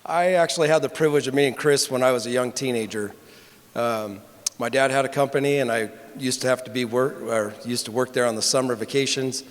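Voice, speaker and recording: A man giving a tribute speech, telling a wry anecdote that turns earnest. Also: medium pitch. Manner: wry storytelling turning earnest. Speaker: longtime employee giving a tribute. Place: banquet hall. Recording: echoey hall with murmuring crowd.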